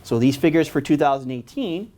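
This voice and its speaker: Male history lecturer from New York, New York accent, quick delivery, frequent fillers. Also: fairly high pitch, expressive, warm tone. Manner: fast-talking, many filler uhs. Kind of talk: public lecture.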